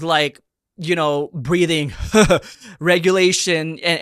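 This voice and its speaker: A lively man in his thirties talks through a dance performance in a casual, animated way and keeps breaking into excited exclamations. His voice sits a little on the high side. The sound is close and dry, with no room around it. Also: no room sound. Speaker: reaction video host, performer. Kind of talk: casual reaction commentary.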